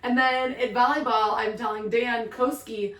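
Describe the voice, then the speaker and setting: A woman's voice: on the high side, fairly even intonation, normal speed, fairly bright tone, echoey room, far from the mic. A woman co-hosting a casual podcast, telling stories in a chatty way and acting out the quotes. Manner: chatty storyteller, acts out quotes with laughter. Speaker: podcast co-host. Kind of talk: casual chat.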